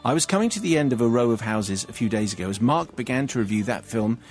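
A man's voice: mid-range voice, expressive, fast, soft background music. A British man presenting a radio film show, reading listener emails in a dry, puzzled way.

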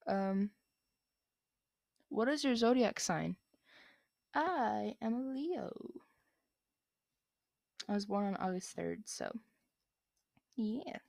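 A woman's voice: mid-range voice, lively intonation, slow pace, vocal fry, long pauses, darkish tone, dry recording, clean studio sound. A young woman answering viewer questions in a casual vlog, rambling with lots of ums and likes.

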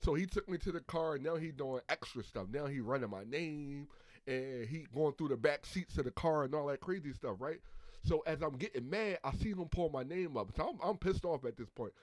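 A man casually telling a story among friends, animated and acting out the other people's lines. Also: fairly high pitch, fairly quick, dry recording.

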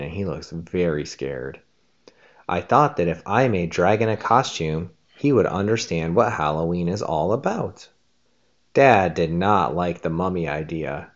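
A woman's voice: extremely low pitch, darkish tone, dull audio. A woman hosting a children's story show, reading a picture book aloud in a playful, coaxing way. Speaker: host and story reader.

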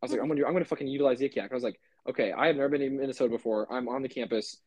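A man's voice: mid-range voice, rapid-fire, darkish tone, no echo. Rambling young man, dry close mic. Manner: rambling, swears a lot, many fillers. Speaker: podcast co-host. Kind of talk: casual chat.

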